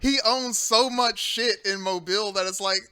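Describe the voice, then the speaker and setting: A man co-hosting a comedy podcast who rambles through his stories, full of filler words. His voice is bright and crisp and sits a little higher than most men's. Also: normal speed, dry recording. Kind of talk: casual chat.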